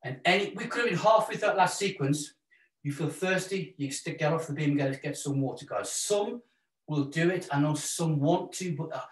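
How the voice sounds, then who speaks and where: Counting out steps and calling breaths, a Welsh fitness instructor coaches a live class with upbeat, encouraging jokes at a moderate pace. For a man, his voice sits fairly high. The sound is echoey and captured from a distance.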